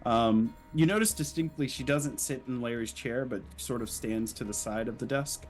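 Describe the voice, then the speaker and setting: A man narrating as game master of a tabletop role-playing game in a relaxed way, with lots of ums and uhs. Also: mid-range voice, moderate pace, faint music behind.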